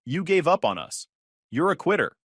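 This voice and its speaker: Grace, a drunk and furious young woman, shouts in a high, cracking voice, as a male storyteller puts her on. Her pitch leaps about as she demands and pleads. The sound is close and dry. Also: very animated, normal speed, dry recording. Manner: shrill yelling, voice cracking. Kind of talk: storytelling voice acting.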